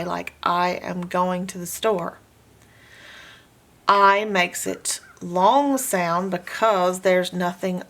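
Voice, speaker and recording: A woman's voice: lowish voice, gravelly, fairly bright tone. A woman teaching a phonics lesson, patiently sounding out letters and words in repeated drills. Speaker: homeschool reading teacher.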